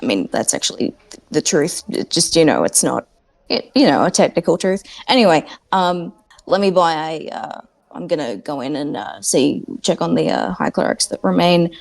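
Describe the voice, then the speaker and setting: A woman's voice: sits low, sing-song, moderate pace, vocal fry, no echo. Playful woman playing a tabletop game. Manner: playful, laughs often, breezy. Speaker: player.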